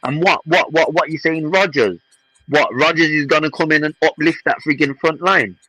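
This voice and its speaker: A man with a husky voice, a podcast co-host arguing indignantly in heated football banter and mocking his rival's words. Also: on the high side, fairly even intonation, normal speed, bright, forceful tone, no room sound, low-quality recording. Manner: indignant, exasperated, mocking quotes.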